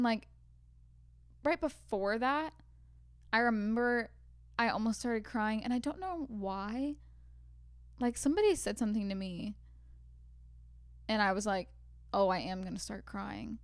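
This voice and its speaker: A young woman co-hosting a casual podcast, chatting through stories with lots of "like" fillers. Her voice is smooth and clear, recorded close and dry. She sits at an everyday middle pitch. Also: unhurried, pauses often, no echo. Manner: chatty storyteller, many "like" fillers. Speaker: podcast co-host. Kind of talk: casual chat.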